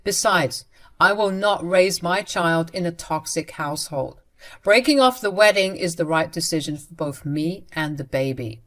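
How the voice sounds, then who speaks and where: A woman's voice: fairly low pitch, lively intonation, moderate pace, a bit bright. A woman voicing a fed-up young man who firmly breaks off his engagement. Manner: firm, resentful.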